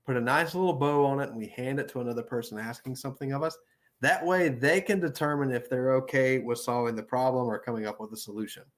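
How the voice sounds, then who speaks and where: A man, a counselor, teaching about setting boundaries in a steady, assertive, deliberate way. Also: mid-range voice. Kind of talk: instructional talk on boundaries.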